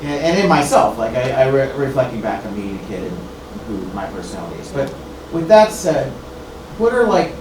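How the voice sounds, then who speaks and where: A man, a parent, asks a halting question from the audience at a talk. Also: mid-range voice, very animated. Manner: hesitant, halting. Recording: echoey room, far from the mic, noisy.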